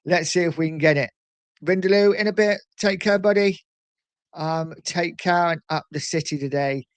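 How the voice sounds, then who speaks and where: A man hosting a casual livestream, reading out viewer comments in a chatty, animated way with frequent ums. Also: on the high side, moderate pace, dry recording. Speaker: livestream host reading chat. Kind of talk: casual live chat.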